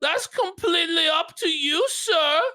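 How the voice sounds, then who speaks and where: A woman voicing a stern, angry male judge with a Southern US accent, loud and scolding. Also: very high-pitched, animated, measured pace, pitched above the performer's own voice, heavily acted.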